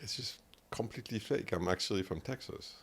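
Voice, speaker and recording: A middle-aged man with a French accent, co-hosting a podcast in casual chat, laid-back and halting, trailing off mid-sentence. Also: lowish voice, whispered. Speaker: podcast co-host. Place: design showroom, indoors.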